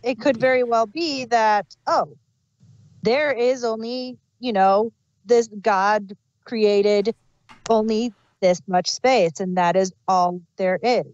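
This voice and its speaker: A woman speaks very slowly and deliberately on a podcast, laying out her argument with examples. Her audio comes through dull and muffled, as if through a pillow. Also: fairly high pitch, darkish tone, no room sound. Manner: slow, deliberate, argues with examples. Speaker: podcast co-host. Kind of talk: casual review chat. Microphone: muffled home microphone on a voice call.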